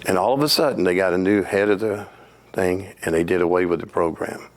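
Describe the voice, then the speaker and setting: A man's voice: low voice, a little fast. A man with a Southern US accent, a pastor, telling stories in a plainspoken, earnest way during a Bible study. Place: church hall.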